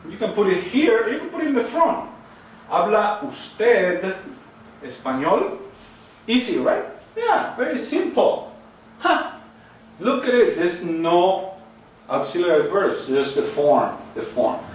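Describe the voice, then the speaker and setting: A man teaching a language class, his pitch bouncing lively up and down as he coaxes students along with questions. He sits back from the mic in a very echoey room, and a faint hiss runs underneath. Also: takes it slowly, pauses often, far from the mic. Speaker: Spanish teacher. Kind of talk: recorded online lesson.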